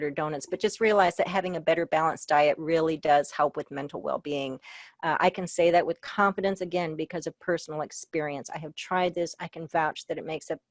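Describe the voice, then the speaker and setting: Over a video call, a middle-aged woman from Iowa presents a webinar for librarians in a conversational, personal style, with frequent "um"s and touches of humor. Her voice sits low, and there's no echo.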